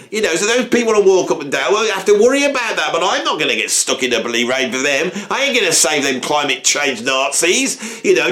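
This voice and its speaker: A man's voice: fairly high pitch, a bit bright, reverberant, voice pushed up. A man voicing an outraged, blustering middle-aged Englishman who swears his way through a rant.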